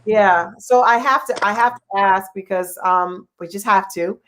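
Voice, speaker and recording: A woman's voice: mid-range voice, unhurried, fairly bright tone, slight background noise. A woman hosting an interview, asking thoughtful questions with frequent restarts and affirming fillers. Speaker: interview host. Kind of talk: candid interview conversation.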